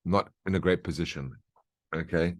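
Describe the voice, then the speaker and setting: Over his charts, a man who teaches trading delivers a conversational market briefing, explaining his thinking and frequently asking the listener "right?" or "okay?". He speaks in a low voice at a moderate pace, with no room sound.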